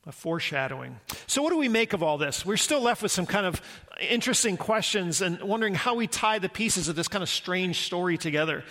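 A man's voice: high-pitched, lively intonation, brisk, bright, forceful tone. A man preaching a sermon as a pastor, earnest and reflective, posing rhetorical questions to the congregation.

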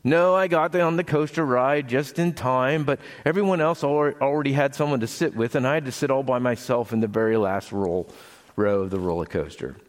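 A man's voice: mid-range voice, brisk, voice pushed up, lightly acted. A man voicing a gloomy young boy elephant in a children's story read aloud, in a raised, pleading voice. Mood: glum.

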